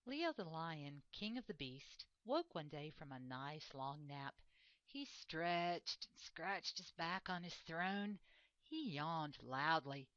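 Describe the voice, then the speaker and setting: A woman's voice: sits low, clean tone, no echo. Woman reading a children's story aloud. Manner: expressive, measured. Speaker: reader. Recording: dull lo-fi dry recording.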